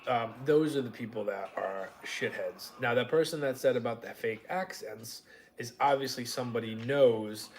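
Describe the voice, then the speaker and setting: A man with a faint New York accent, telling an animated story during a casual livestream chat. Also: medium pitch, soft background music, low-quality recording. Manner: animated storyteller, quick and emphatic.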